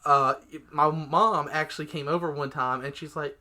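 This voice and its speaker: Easygoing bright-toned man in casual chat. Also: fairly high pitch, moderate pace. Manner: relaxed, conversational, explains things plainly.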